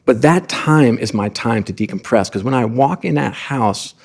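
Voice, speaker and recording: A man's voice: mid-range voice, lively intonation, normal speed, creaky. A middle-aged man, a sports executive appearing as a podcast guest, telling personal stories earnestly and with frequent restarts. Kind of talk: conversational storytelling.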